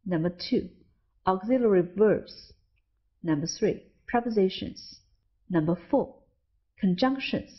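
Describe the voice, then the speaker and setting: A woman narrating a scripted English lesson, reading word lists in a slow, deliberate way. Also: mid-range voice, animated. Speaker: English teacher. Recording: dull lo-fi audio.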